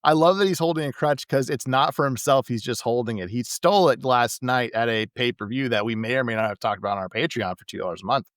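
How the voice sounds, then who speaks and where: A man co-hosting a casual podcast, retelling wrestling promos in an animated way and laughing often. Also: mid-range voice, fast talker, hardly any pauses, dry recording. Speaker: podcast co-host. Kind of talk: casual recap chat.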